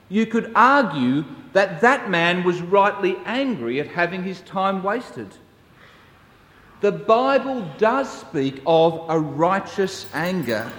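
A man preaching a sermon, telling stories in a slow, measured way. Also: high-pitched. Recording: echoey hall, distant mic.

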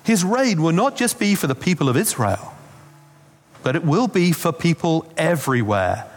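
A man's voice: fairly high pitch, very animated, normal speed. A man preaching a Christmas sermon, telling stories in a conversational way with asides. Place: church. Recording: long reverb of a church hall.

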